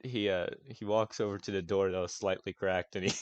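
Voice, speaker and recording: A man's voice: deep voice, fairly even intonation, brisk, no room sound, dull audio. A man narrating casually as game master of a tabletop game, often swearing.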